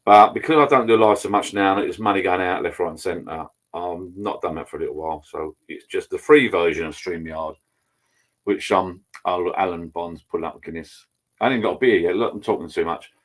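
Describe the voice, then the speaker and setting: Middle-aged man, very low voice, loose rambling live-stream host. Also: a little fast. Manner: rambling, chatty, greets viewers by name. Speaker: channel host. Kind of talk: casual live-stream chat. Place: home garden bar. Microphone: laptop.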